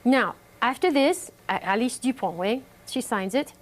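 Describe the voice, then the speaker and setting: A woman's voice: fairly high pitch, expressive, unhurried. A middle-aged woman teaching French to a remote class, reading French sentences aloud and translating each one into English with many fillers.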